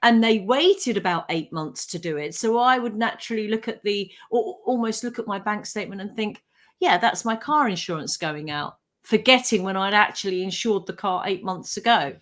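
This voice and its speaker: A woman speaks as a radio show's legal expert. She explains things clearly and at a measured pace. Her voice sits at an ordinary pitch for a woman. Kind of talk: radio talk show explanation.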